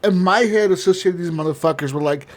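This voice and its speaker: A man's voice: sits high, quick pace. Rambling, profane man hosting a podcast. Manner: profane, rambling, laughs often. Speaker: podcast host. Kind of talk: casual podcast chat.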